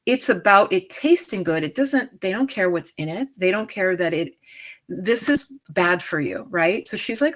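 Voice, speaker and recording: A woman's voice: fairly low pitch, animated, normal speed. Emphatic, chatty woman coaching on stress. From United States. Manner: chatty and emphatic, frequent asides and restarts. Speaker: stress coach and yoga teacher. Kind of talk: live-streamed wellness talk.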